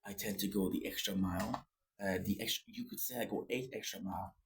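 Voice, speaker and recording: A man's voice: on the low side, fast talker, slightly rough. A man, short on sleep, rambling goofily through a daily video diary and joking around. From Canada. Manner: goofy, rambling, breaks into sung bits and jokey voices. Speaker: vlogger.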